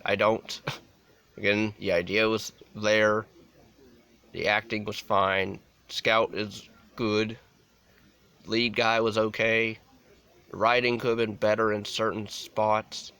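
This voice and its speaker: Young adult man, casual movie review, rambling, lots of fillers and restarts, low voice, crisp smooth tone. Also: flat delivery, takes it slowly, long pauses, bright, forceful tone. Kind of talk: casual unscripted film review.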